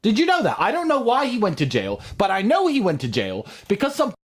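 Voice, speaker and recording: Excitable man with wildly swinging pitch. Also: a little fast. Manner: excitable, profane storytelling with big swings. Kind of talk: casual chat.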